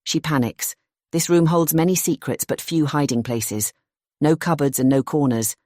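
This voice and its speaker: A narrator reading a suspense thriller in a tense, measured voice of middling pitch. The recording is dry and close with no room sound. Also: darkish tone, dry recording. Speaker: audiobook narrator.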